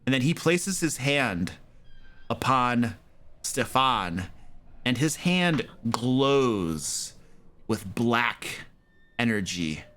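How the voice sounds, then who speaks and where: Male game master, measured and dramatic narration, slow pace. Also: mid-range voice, sing-song, a bit bright, slight background noise.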